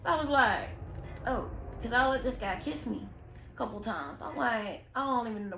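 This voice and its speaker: A young woman, telling a story to her viewers in an animated, slangy way, acting out what people said. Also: fairly high pitch, moderate pace, vocal fry, echoey room, lo-fi sound, slight background noise. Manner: animated, slangy, quotes people in lively voices. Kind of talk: casual storytime chat.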